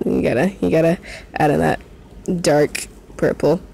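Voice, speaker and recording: Giggling through casual commentary as they draw, a teenage vlogger swears a lot and pokes fun at themselves, rambling and frequently trailing off to restart. The mid-range voice is sing-song, slow, gravelly and a little mellow, with a faint hiss or hum in the recording.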